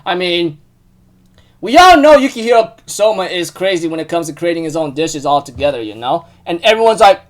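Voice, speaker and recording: Man, high voice, casual anime recap, rambling, lots of fillers. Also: fairly quick. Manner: rambling, fillers of "you know", loose retelling of scenes; laughs and gets animated when amused.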